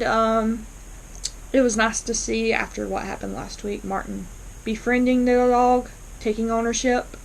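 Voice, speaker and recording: A woman's voice: a little high, low-quality recording. A woman casually recapping a TV episode, chatty, with frequent ums and restarts as she retells scenes. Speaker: TV episode reviewer.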